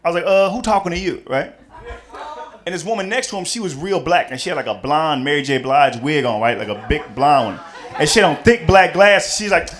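A man from Texas doing a stand-up comedy set, telling stories animatedly and acting out loud voices. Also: fairly high pitch, expressive, brisk. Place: comedy club stage with live audience.

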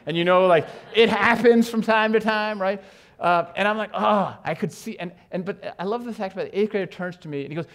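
A man from New York giving an animated conference talk on stage, joking with the audience and asking it questions. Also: sits high, fairly quick. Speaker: education speaker.

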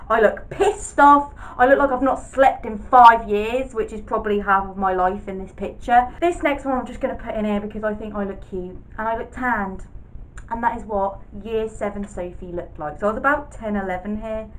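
A woman's voice: on the high side, sharp tone, poor audio. Chatty, sweary young woman vlogging. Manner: chatty, sweary, self-mocking. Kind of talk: casual chat to camera.

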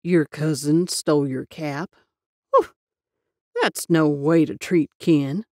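A woman doing a gentle Midwestern soldier ghost. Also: sits low, dry recording, clean studio sound. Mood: amused. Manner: gentle and slow. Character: kindly pale ghost of a male soldier.

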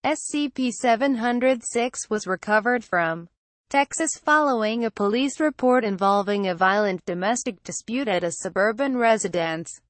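A woman narrating a horror story in a measured, clinical reading style. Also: a little high, dry recording.

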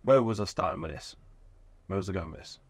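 Excitable, sweary British man telling stories. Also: low voice, fast, breathy edge. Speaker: podcast guest. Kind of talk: casual podcast storytelling.

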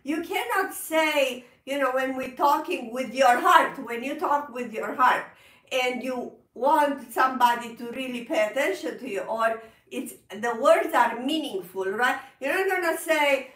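High, laughing piano teacher. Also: female voice, measured pace, distant mic. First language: Italian. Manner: laughs often, animated, repeats words, non-native phrasing. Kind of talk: casual online music lesson. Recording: roomy echo, off-mic.

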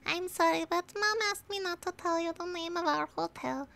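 Little boy, sad and soft-spoken, very high child voice, a woman doing the voice. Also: normal speed, gravelly, exaggerated voice. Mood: wistful. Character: young boy writing a sad letter.

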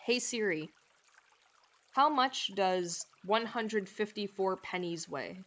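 A woman's voice: medium pitch, lively intonation, slow pace, fairly bright tone. Chatty young woman streaming a game. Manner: chatty and rambling, frequent "like" and laughs. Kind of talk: casual gameplay chat with viewers.

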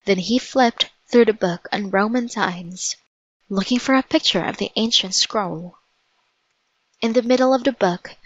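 A woman reading a children's chapter book aloud as narrator, in a slow, deliberate storytelling manner. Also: medium pitch, dry recording, dull audio. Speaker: storybook reader.

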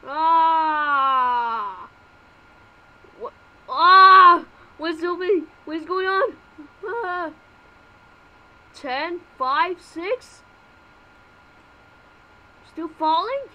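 A woman's voice: very high-pitched, animated, drawn-out words, pauses often, muffled recording. A woman voicing all the characters of a homemade fan cartoon, with frantic yelps and exclamations.

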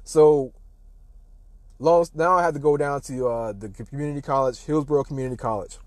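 A man in his thirties hosting a talk show, telling a personal story in a casual, animated way and acting out what other people said. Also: mid-range voice, brisk, no room sound. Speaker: host.

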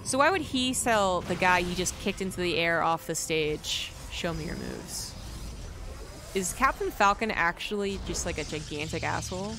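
A woman's voice: fairly low pitch, expressive, normal speed, few pauses, noisy background. An American woman giving casual live game commentary as a caster, rambling and correcting herself as she goes. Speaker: esports caster. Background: music.

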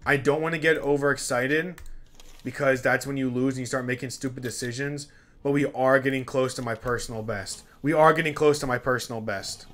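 A male gaming YouTuber narrates his run in a mid-pitched voice, coaxing and begging the characters on screen. He repeats each line, swinging between soft pleading and excited outbursts. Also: brisk. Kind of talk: let's play commentary.

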